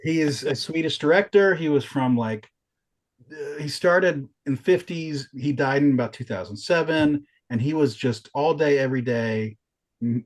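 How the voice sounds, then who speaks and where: A man co-hosting a podcast in casual chat, telling stories with lots of restarts and swearing. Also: mid-range voice. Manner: animated storytelling, frequent swearing and restarts. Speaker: podcast co-host.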